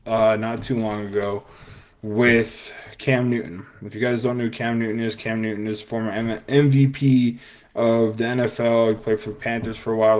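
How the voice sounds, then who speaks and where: A man hosting a casual podcast, giving a sarcastic, opinionated monologue with lots of fillers and restarts. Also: mid-range voice. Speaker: podcast host. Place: live stream broadcast.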